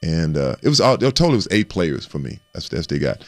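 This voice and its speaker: A man in a casual interview, an animated storyteller who stumbles over and repeats words as he recounts his past. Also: sits low, fairly quick, no room sound. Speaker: guest recounting his playing career.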